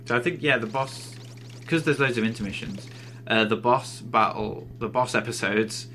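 A man's voice: mid-range voice, moderate pace, pushed and bright, soft background music. A young man giving casual let's-play commentary, rambling and swearing freely. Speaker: gameplay commentator.

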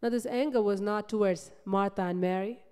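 A woman preaching a sermon in a church, passionate and emphatic, repeating phrases and swinging between loud build-ups and soft, low passages. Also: brisk, smooth. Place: church sanctuary. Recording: long reverb of a church hall.

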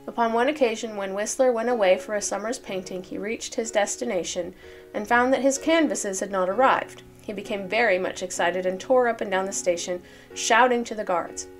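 A woman reads old newspaper stories aloud, then drifts into chatty asides where she thinks out loud. Her pitch sits in an ordinary middle range, and faint music plays quietly underneath. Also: a little fast. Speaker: reader of old newspaper articles. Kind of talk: casual reading with chatty asides.

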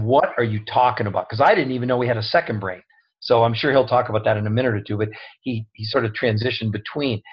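A man's voice: mid-range voice, slightly rough. A man speaking as a guest co-author over an online call, earnest and humble, with many restarts. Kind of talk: casual talk on a call. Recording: dull lo-fi online audio.

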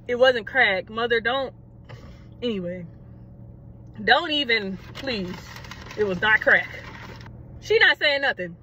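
A young woman vlogger telling a story in a casual, dramatic, animated way. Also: fairly high pitch, measured pace, long pauses, highs cut off. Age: young adult.

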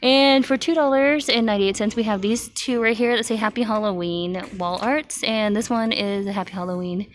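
A woman's voice: medium pitch, steady tone, moderate pace, few pauses, slight background noise. A woman narrating a casual walkthrough of store shelves, reading out prices and cooing over cute items. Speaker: shopping vlogger. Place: large retail store aisle.

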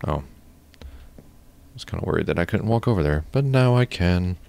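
Deep, gravelly man narrating his gameplay. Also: moderate pace. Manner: relaxed, chatty, thinking aloud while building. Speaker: gaming channel host. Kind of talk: casual gameplay commentary.

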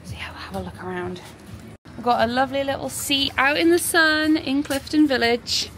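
A woman's voice: sits high, normal speed, fairly bright tone, slight background noise. Chatty young woman vlogging. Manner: chatty and bubbly, talks to her dogs in a sing-song voice. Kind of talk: casual vlog chat to camera.

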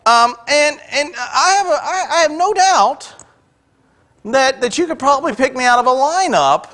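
High-voiced man preaching a sermon. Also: fairly bright tone. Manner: conversational preaching with joking asides; retells scripture in his own everyday words. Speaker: pastor. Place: church sanctuary.

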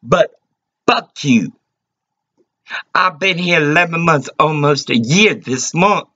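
A man's voice: on the high side, expressive, slow, bright, forceful tone. A man delivering an agitated, rambling, profane rant to the camera. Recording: dull lo-fi recording.

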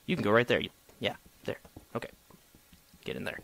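A man's voice: lowish voice, expressive, brisk, gravelly, fairly bright tone. A young man giving solo gameplay commentary, chatty and sarcastic, talking to the objects he digs at. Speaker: gamer.

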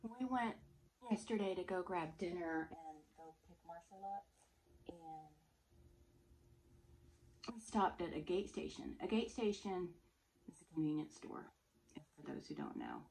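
A woman's voice: lowish voice, very animated, a little slow, long pauses, a little mellow, a little hiss or hum, poor audio. A woman chatting casually while she does a makeup look, rambling and self-deprecating. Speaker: makeup artist.

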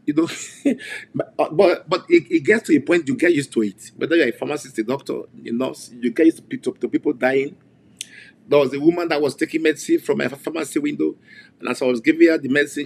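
A man's voice: fairly high pitch, brisk, creaky, slight background noise. A man preaching and leading an online prayer session, fervently repeating declarations. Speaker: pastor.

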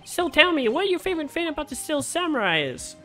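A woman's voice: sits high, sing-song, fairly quick, soft background music, voice pushed up, exaggerated voice. A woman voicing an eager grade-school boy who brags about his hero. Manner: bragging, eager, loud. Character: boastful grade-school boy, superhero fan.

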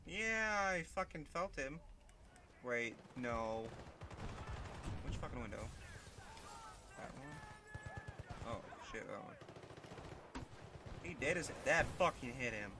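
A man narrates his own gameplay in a loose, profane, excitable way. His voice sits mid-range. Game gunfire is clearly heard behind him. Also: medium pitch, slow pace, pauses often. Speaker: gameplay commentator. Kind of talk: let's play commentary. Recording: voice over loud game gunfire noise.

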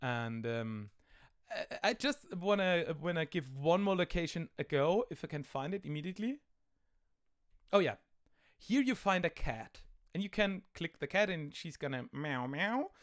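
Fairly high-pitched and animated, this German-accented man talks at a normal speed as he hosts laid-back game commentary through an online call mic, rambling, amused, and packed with fillers.

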